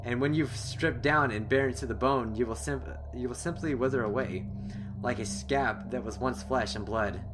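A man's voice: mid-range voice, moderate pace, noisy background, close to an everyday voice. A man voicing a sinister male creature that poses as a human, speaking in a mocking, taunting way while reading a visual novel aloud. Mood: mocking menace.

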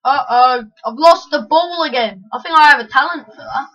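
A woman giving excitable live commentary over her own gameplay, yelling at the screen with quick self-mocking asides. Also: high-pitched, muffled recording. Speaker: gaming channel host.

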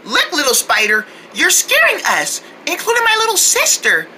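A cheerful, protective big-sister girl, as a woman voices her coaxes the viewer along in a very high, bright voice. She speaks slowly, with a lively, sing-song lilt. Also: a little hiss or hum, heavily acted. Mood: coaxing. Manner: coaxing, cheerful, talks to the viewer. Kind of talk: toy play-pretend cartoon voice.

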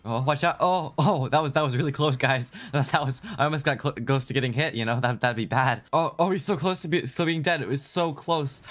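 A man doing jokey let's-play commentary over a video game, often laughing mid-sentence and jumping up in pitch when excited. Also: a little fast, few pauses. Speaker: gaming YouTuber.

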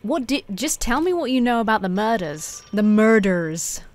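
A woman's voice: fairly high pitch, lively intonation, fairly quick. A woman, playing a game on camera, exasperated and swearing at the characters. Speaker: gaming youtuber. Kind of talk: casual gaming commentary.

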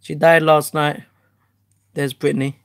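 A woman hosting a casual home unboxing vlog, chatty and excitable, who swears loudly when let down. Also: deep voice, unhurried, gravelly. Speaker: host.

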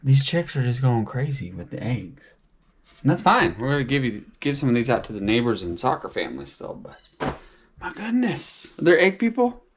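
A man's voice: mid-range voice, slight background noise. A man from Tennessee, vlogging casually outdoors in a farmyard while he does chores, ranting and sarcastic. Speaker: homestead vlogger. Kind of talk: casual vlog.

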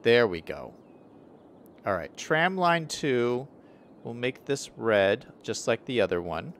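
A man's voice: mid-range voice, very animated, slow, a bit bright, a little hiss or hum. A man streaming a city-building game, chatting casually and thinking aloud as he plans, often correcting himself mid-sentence. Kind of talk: casual gameplay commentary.

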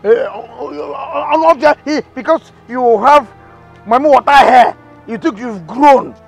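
An actor with a Nigerian accent playing a loud, arrogant village man who shouts insults and mocks. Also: very high voice, normal speed, gravelly. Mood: scolding. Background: background music.

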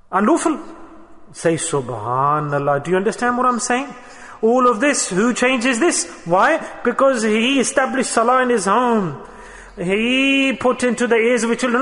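High-voiced older man preaching in a hall. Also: a bit bright. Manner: preaching with repetition and rhetorical questions. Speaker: sheikh. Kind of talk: sermon.

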